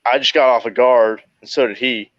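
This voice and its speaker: A man, an army veteran, telling a deployment story in an animated, laughing way and swearing freely. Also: mid-range voice, moderate pace. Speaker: podcast guest, army veteran. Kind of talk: casual storytelling. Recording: dull lo-fi dry audio.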